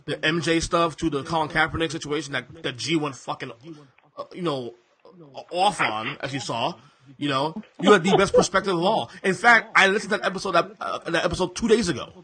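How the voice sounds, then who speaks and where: A man's voice: a little high, pushed and bright. A man in his thirties hosting a podcast in casual chat, often stammering and repeating words and laughing easily. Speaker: podcast host.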